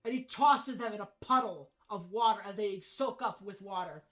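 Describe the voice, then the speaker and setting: A woman's voice: medium pitch, moderate pace, a bit bright, soft background music, rough recording. A woman running a tabletop game as game master, narrating dramatically with frequent restarts.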